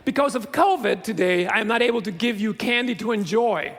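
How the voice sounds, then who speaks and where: A male pastor preaches to a graduating class, slipping in light jokes and asides to the crowd. His voice sits fairly high with a gravelly edge. It carries through the long, ringing reverb of a large church. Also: expressive, a little fast, a little hiss or hum. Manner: playful, joking asides to the audience. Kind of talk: sermon.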